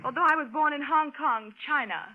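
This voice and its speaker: Woman, English accent, genteel and giggly radio comedy guest; very high voice. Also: brisk, a crowd in the background. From England. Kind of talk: old-time radio comedy banter. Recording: dull vintage radio broadcast.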